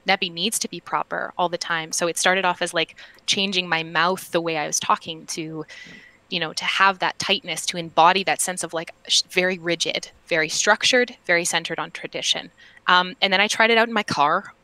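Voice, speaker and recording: A woman's voice: lowish voice, fairly even intonation, fairly quick, bright, forceful tone, no echo, low-quality recording. A woman on a live stream panel who talks reflectively and casually, with plenty of fillers and restarts.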